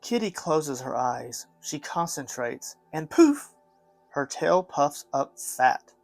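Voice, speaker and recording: A man hosting an art studio video, reading a picture book aloud in a gentle, measured way and chatting to viewers while he paints. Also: mid-range voice, vocal fry, dry recording, faint music behind. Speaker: art studio host and father.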